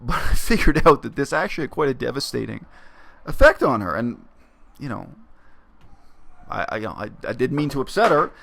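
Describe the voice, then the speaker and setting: A man talking through a story in a reflective, explanatory vlog monologue, with frequent pauses and fillers. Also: medium pitch, very animated, vocal fry, fairly bright tone. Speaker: vlogger. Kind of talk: casual spoken monologue.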